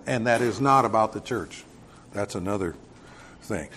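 A man from Texas preaching a Bible sermon in a conversational way, growing loud and emphatic on key points. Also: mid-range voice. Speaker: pastor.

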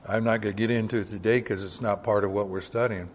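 A man's voice: fairly low pitch, fairly even intonation, fast, slight background noise. An older man preaching a Bible-teaching sermon in a church, talking conversationally and asking the congregation rhetorical questions. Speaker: pastor.

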